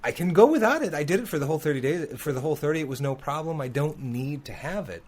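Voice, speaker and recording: A man's voice: on the high side, expressive, fast talker, darkish tone, slightly rough. A man hosting a casual chat, rambling and restarting his sentences. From United States. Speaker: podcast host. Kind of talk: casual conversation.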